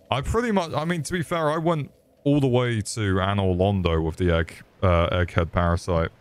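A young British man giving live gameplay commentary, excitable and sweary as he chats with viewers. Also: on the low side, normal speed, clean tone. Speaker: streamer.

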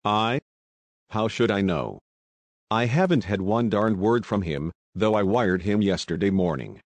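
A man's voice: fairly low pitch, lively intonation, no echo. Man voicing Julius, a slangy American talker. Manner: slangy, talkative, hurried storytelling. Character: brash young American man, slangy and excitable.

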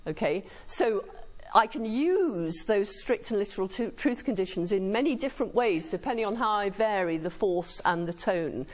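A woman's voice: mid-range voice, expressive, moderate pace. A woman lecturer giving a university lecture to a live audience in a lecture room, engaging them with frequent tag questions. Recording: muffled lo-fi lecture recording.

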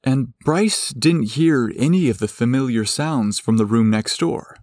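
A man narrating a scripted story in a slow, expressive way. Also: mid-range voice, dry recording, studio quality.

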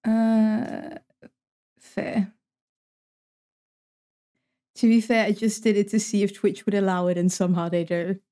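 A woman's voice: medium pitch, little pitch movement, measured pace, pauses often, dark tone. A young Dutch woman with a Dutch accent, chatting casually as she streams a game, reading chat aloud and answering with wry asides. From Netherlands. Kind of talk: casual gameplay commentary to live chat.

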